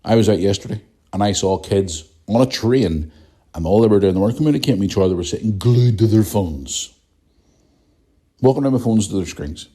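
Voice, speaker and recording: A blunt Northern Irish man in his thirties hosts a podcast and rants freely, with swearing scattered through his casual talk. His voice sits low and sounds dark and mellow. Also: animated, a little fast. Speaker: podcast host. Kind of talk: casual ranting monologue.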